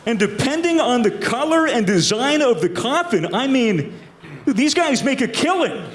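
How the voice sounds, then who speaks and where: High-voiced comic, deadpan. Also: male voice, normal speed. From United States. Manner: dark, deadpan joke delivery. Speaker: stand-up comedian. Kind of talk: stand-up comedy set. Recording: echoey room with loud crowd and noise.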